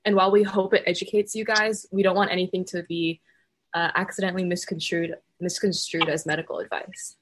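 A woman hosting a podcast, welcoming a guest and reading a disclaimer in a friendly, relaxed way with frequent fillers. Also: lowish voice, fairly quick, husky. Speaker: podcast host.

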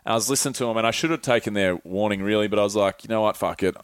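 Young Aussie male guest, relaxed storyteller, salty language, dry close sound. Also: on the low side, very fast, smooth, no echo. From Australia. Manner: laid-back, swears freely, acts out quoted voices. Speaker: podcast guest. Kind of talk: casual storytelling chat.

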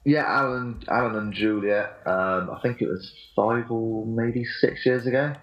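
A very low, deep-voiced man in his thirties chats as a podcast guest, pausing on frequent ums and chuckling between points. The sound is dull and lo-fi, like a muffled call recording. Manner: hesitant, many ums, chuckles often. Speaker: podcast guest, sponsored fitness athlete. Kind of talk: casual podcast interview.

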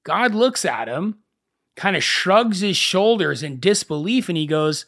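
Animated young man hosting his podcast. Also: high-pitched, a little slow, no echo, studio quality. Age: young adult. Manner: animated storyteller, swears freely. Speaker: podcast host. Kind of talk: casual solo podcast monologue.

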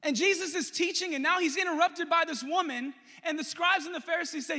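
A young male pastor telling a story in a lively, joking sermon to his church. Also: extremely high pitch, a little fast, few pauses. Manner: animated, jokey, talks to the congregation. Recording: long hall reverb.

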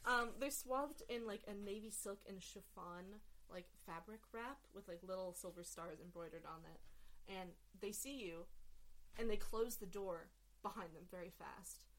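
A woman's voice: mid-range voice, normal speed, fairly bright tone. A woman narrating as game master of a tabletop game, rambling and full of fillers as she explains the rules.

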